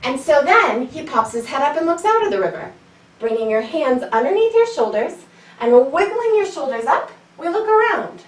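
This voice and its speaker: A woman's voice: high-pitched, moderate pace, roomy sound, recorded from a distance, poor audio. Playful woman leading a kids' yoga story. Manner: playful, sing-song, animated cues. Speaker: kids yoga teacher. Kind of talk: storytelling yoga class for children.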